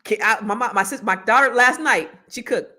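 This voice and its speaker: A woman's voice: on the high side, moderate pace, pushed and bright. A middle-aged woman hosting a podcast in a casual, rambling way, laughing often. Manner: chatty, rambling, laughs a lot, slangy. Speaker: podcast host. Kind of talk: casual chat with viewers.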